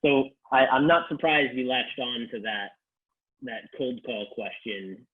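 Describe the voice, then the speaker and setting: A man's voice: medium pitch, a little slow. A man hosting an interview, friendly and encouraging, thanking his guest. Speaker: interview host. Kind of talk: casual interview. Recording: phone-like thin audio.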